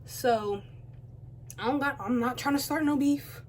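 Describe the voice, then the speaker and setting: A talkative teenage girl tells a story in a loose, rambling way, breaking off into asides and apologies as she goes. Her voice sits a little high, with a faint hiss of room noise behind her. It sounds like a casual home makeup vlog. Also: measured pace. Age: teens. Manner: rambling, chatty, self-interrupting. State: out of breath. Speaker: beauty vlogger. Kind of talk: casual storytime chat while doing makeup. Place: home, by a window.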